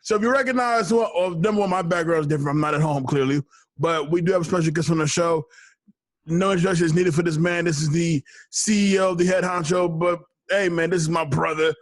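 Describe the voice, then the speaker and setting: A man hosting a casual podcast, excitable and prone to stammering restarts. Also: on the high side, fast talker, no room sound. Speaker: podcast host.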